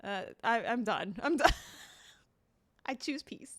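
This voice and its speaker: A woman in her twenties livestreams, chatting casually with viewers and telling stories in an animated way, laughing and swearing now and then. Her voice is fairly high and she speaks slowly.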